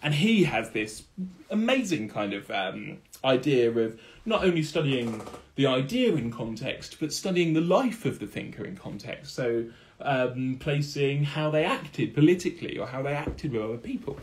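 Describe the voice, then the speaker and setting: A man's voice: medium pitch, sing-song, normal speed. A young man, a history student and channel host, explaining ideas in casual talk full of restarts and fillers. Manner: rambling, many restarts and fillers, laughs at own points. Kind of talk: casual educational talk to camera.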